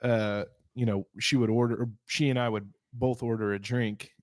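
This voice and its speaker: Male co-host, mid-pitched, relaxed agreeable chatter, dry close sound. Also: no echo. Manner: easygoing, quick agreeing replies. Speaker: podcast co-host. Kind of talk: casual chat.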